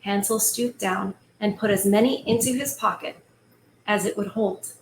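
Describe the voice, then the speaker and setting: A woman reading a fairy tale aloud and breaking off into chatty, excitable asides. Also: mid-range voice, normal speed, a little hiss or hum. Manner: excitable, chatty, animated commentary. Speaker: storyteller host. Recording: echoey room, faint ambience.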